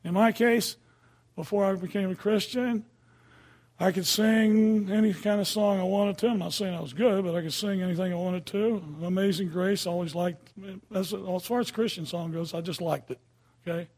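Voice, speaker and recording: A man's voice: high voice, fairly even intonation, normal speed, darkish tone. An older man preaching a sermon in a folksy, conversational way, often checking in with his listeners.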